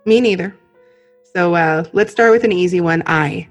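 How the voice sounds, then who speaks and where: A woman's voice: fairly low pitch, moderate pace, dull audio, soft background music. A woman hosting a podcast, chatting casually and playfully with a friend, often laughing and saying "um". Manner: giggly, playful, lots of "um". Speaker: podcast host. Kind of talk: casual chat between friends.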